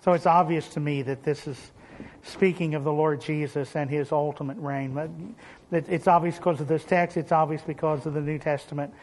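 A pastor preaching a sermon, with sudden emphatic rises and dry sarcastic asides. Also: male voice, on the high side, steady tone, a little fast, darkish tone.

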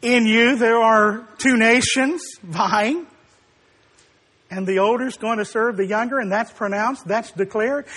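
A man preaching a sermon, emphatic and rising to forceful declarations, acting out quoted dialogue as he tells a story. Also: very high-pitched, measured pace.

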